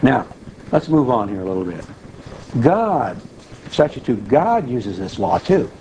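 A man's voice: mid-range voice, dark tone, dull audio, slight background noise. A man preaching a conversational sermon, often checking in with his listeners as he teaches.

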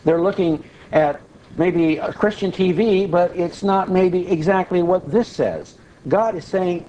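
A man teaching a sermon, walking through scripture line by line and answering his own questions. His voice sits a bit high yet sounds soft and mellow. A faint background hiss runs under the recording. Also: measured pace, highs cut off. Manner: explains verses step by step, asks and answers his own questions. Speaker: preacher.

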